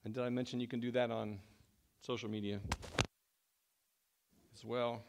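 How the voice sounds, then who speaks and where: A man's voice: mid-range voice, level tone, normal speed, gravelly, noisy background. A middle-aged man preaching as a pastor in a church, talking in a conversational, self-deprecating way that often restarts his sentences. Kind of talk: sermon. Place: church sanctuary.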